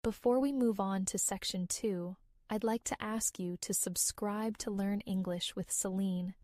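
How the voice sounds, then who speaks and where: An American woman gives an English lesson in a slow, deliberate way, repeating each phrase so learners can follow. Her voice is mellow and warm. It is recorded close on a dry mic with no room sound. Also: medium pitch, steady tone, no echo. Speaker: English teacher.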